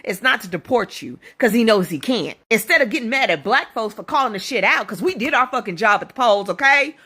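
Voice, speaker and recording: Brief: woman, higher-pitched, sharp and forceful tone, profane scolding rant. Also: lively intonation, brisk, slightly rough. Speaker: social media commenter. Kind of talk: casual reaction video rant.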